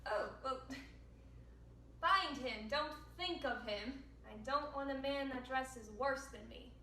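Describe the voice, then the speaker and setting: A woman's voice: high voice, takes it slowly, sharp tone, slight background noise, exaggerated voice. A young woman performing a stage monologue as a caring, chatty sister with wry asides. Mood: tender. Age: late teens. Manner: wry, self-mocking asides. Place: home room over video. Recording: echoey room, distant mic.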